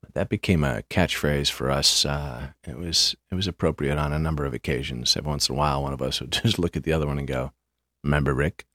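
A man hosting a podcast, telling a story casually in a halting way, often repeating words, with dry understatement. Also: very deep voice, fairly even intonation, a bit bright, no echo. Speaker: podcast host.

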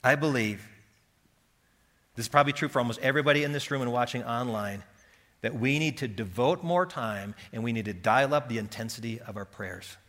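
A man preaching a sermon with passion, dropping to hushed tones and rising to loud pleading. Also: medium pitch, a little fast. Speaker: pastor. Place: church hall. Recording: reverberant hall.

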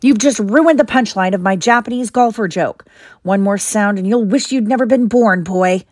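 A woman's voice: on the high side, normal speed, no room sound, studio quality, pitched above the performer's own voice, lightly acted. A woman doing a blustering bully of an uncle. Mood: menacing. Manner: speaks through gritted teeth, hissing threats. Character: bullying middle-aged uncle, blustering and menacing.

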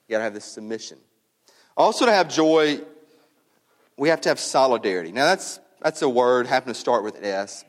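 Casual preaching man in a reverberant hall. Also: mid-range voice. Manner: conversational, animated preaching with casual slang. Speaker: pastor. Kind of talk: sermon. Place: church sanctuary. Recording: long reverb of a church hall.

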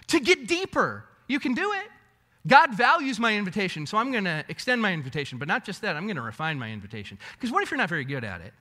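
A male pastor with a high, lively voice delivers a sermon, swinging from loud bursts to hushed asides. His tone is bright and forceful. The long reverb of a large hall hangs on every phrase. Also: fast talker.

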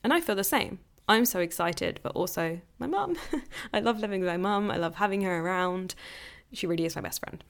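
A woman's voice: medium pitch, animated, fairly quick, creaky. A young woman hosting her own podcast, talking candidly in a casual monologue and laughing often. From England. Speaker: podcast host.

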